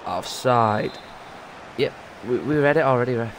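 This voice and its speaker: A young man giving live commentary over his own football video game play, muttering remarks and bursting into loud shouts when something happens. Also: mid-range voice, a little slow, noisy background. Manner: excitable, loud outbursts between muttered remarks. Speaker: gaming streamer.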